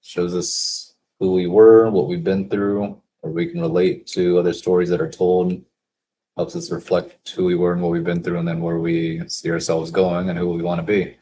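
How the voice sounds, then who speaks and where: A man in a casual solo work session, thinking aloud and reading quotes slowly, chuckling to himself now and then. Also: low voice, little pitch movement, warm tone, slight background noise. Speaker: business consultant reading daily quotes.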